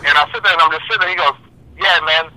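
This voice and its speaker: A man calling in as a guest, telling a rambling story in an animated way and repeating himself. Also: fairly high pitch, very fast, slight background noise, rough recording. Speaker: guest caller, fighter. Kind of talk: casual phone-in storytelling.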